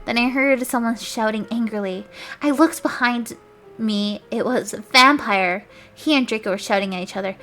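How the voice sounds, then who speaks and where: A woman's voice: fairly high pitch, moderate pace, fairly bright tone. A young woman streamer reading a fanfic aloud with mock drama, stumbling over words and chatting casually.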